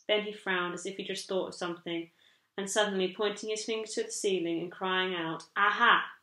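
A woman teacher reading a children's chapter book aloud in a steady storytelling manner. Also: mid-range voice, brisk, roomy sound. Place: school room.

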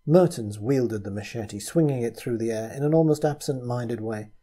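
A man reading a story aloud as narrator, in a measured storytelling manner. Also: mid-range voice, dark tone. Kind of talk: scripted narration.

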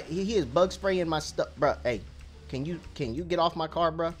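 A young man giving casual, slangy gameplay commentary as a YouTuber, rambling and excitable, shouting at other drivers. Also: a little high, moderate pace, faint music behind. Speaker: gaming YouTuber.

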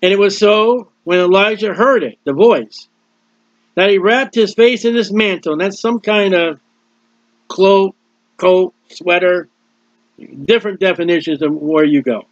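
A man with a high voice preaches a sermon at a measured pace, plainly explaining scripture and reading the verses one after another. The recording is dull, dry, and lo-fi, with no room sound.

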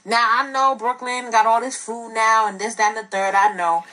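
A woman's voice: fairly high pitch, steady tone, normal speed, a loud crowd, poor audio. A woman from the Bronx, a teacher speaking on a talk show in an earnest, lecturing way with rhetorical questions. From the Bronx, New York.

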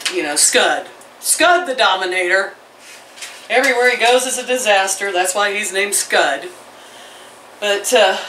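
A middle-aged woman talks casually to her viewers and her animals, rambling from one thing to the next in a home vlog. Her voice is bright and carries a roomy echo. She sits some way back from the camera mic, with faint noise behind her. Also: mid-range voice, distant mic. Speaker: vlogger. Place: home, indoors and out by the chicken pen.

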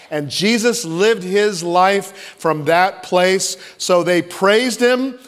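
Male pastor, sermon, fairly high voice, long hall reverb, loud then hushed. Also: slow, hardly any pauses. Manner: impassioned, swinging from loud emphasis to hushed intimacy. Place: church sanctuary.

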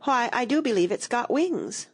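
Woman reader as a gentle, polite storybook girl, lively in tone. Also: a little high, moderate pace, slightly rough, voice pushed up. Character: polite, curious young girl.

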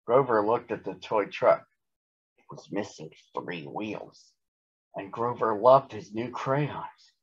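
A man reads a children's storybook aloud, slow and unhurried, in a lowish, husky voice. The recording is dull and lo-fi. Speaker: storybook reader.

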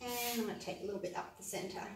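A chatty woman demonstrating a paint pour, practical and encouraging, her pitch sitting in a middle range. She is recorded from some way off the mic in an echoey room, with a faint hiss underneath. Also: fast talker, far from the mic. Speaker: hobby paint-pouring vlogger. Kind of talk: casual demonstration talk. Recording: roomy echo, voice from away from the mic.

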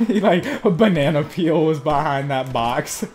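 A man's voice: on the high side, animated, unhurried, darkish tone. A man playing a western video game with casual, sarcastic commentary. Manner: giggly, sarcastic, narrates what characters think. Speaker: let's play player.

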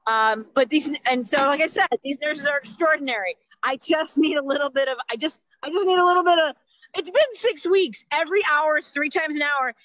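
A woman's voice: sits high, fairly bright tone, no room sound, low-quality recording. A woman comedian giving a rambling, exasperated stand-up rant over a video call. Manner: rambling, exasperated, quick to joke.

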